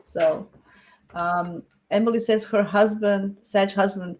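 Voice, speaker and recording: A woman's voice: mid-range voice, fairly even intonation, slow pace, a little mellow. Chatty woman hosting an astrology live. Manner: chatty, encouraging, laughs often. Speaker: astrology show host. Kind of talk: casual live-stream chat.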